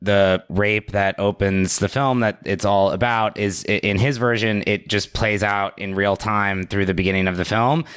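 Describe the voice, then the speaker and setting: A man appearing as a guest on a film podcast, giving a measured, critical view of a film. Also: lowish voice, steady tone, a bit bright, smooth, dry recording. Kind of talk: casual film discussion.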